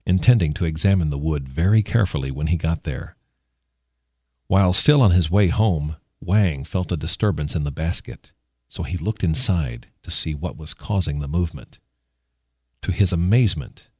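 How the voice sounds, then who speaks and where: A man narrating a folk tale in a measured, steady storytelling manner. His voice is extremely low and husky. It is recorded dry, with soft music playing faintly underneath. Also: no room sound.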